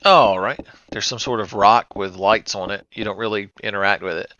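Pitched fairly low, this man's voice stays steady while sounding pushed and bright, moving at a moderate pace. As a let's play host, he riffs on a retro horror game with sarcastic, crude humor for comedic commentary. His recording comes through a slightly dull lo-fi mic with faint hiss.

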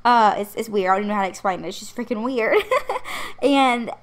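A young pregnant woman hosts her channel with a rambling, casual voice-over over a game build, laughing often. Her voice is mid-range and fairly quick.

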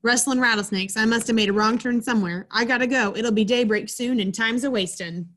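A woman voicing a mean, gruff male outlaw cowboy while reading a picture book aloud, with a slow drawl. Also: fairly high pitch, fairly bright tone, lightly acted.

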